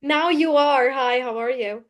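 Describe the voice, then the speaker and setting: A woman teaching a live online class, brisk and coaxing, often repeating key phrases. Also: sits high. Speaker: English teacher.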